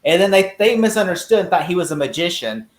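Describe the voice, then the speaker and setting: A man who is a guest in a casual podcast discussion, telling stories with lively energy and acting out quotes in mock voices. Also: high-pitched, fast, reverberant, low-quality recording.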